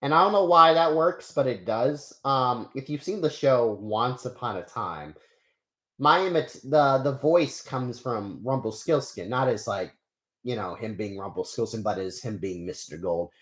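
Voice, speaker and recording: Young man, live stream chat, rambling, lively pitch. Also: unhurried. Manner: rambling, many fillers and restarts, chatty with viewers.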